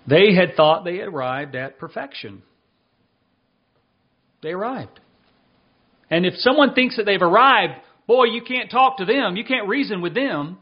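A man preaching a sermon as pastor, reading passages and slowing down to stress his points. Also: sits high, expressive, husky, muffled recording.

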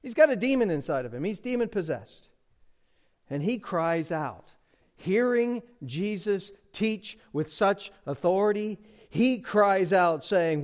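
A man preaching an expository sermon, addressing the congregation directly and rising in pitch and volume for emphasis. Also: expressive, measured pace. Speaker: pastor.

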